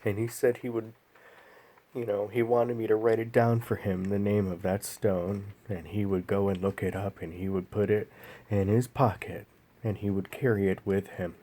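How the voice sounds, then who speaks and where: A man vlogging a personal story in a slow, halting, emotional way, pausing often. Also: lowish voice, little pitch movement, mellow.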